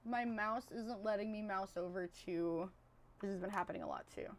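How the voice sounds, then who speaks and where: A young woman with a high-pitched, squeaky voice, chatting casually and rambling on a live stream, swinging between loud and hushed. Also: moderate pace, slight background noise. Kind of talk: casual chat.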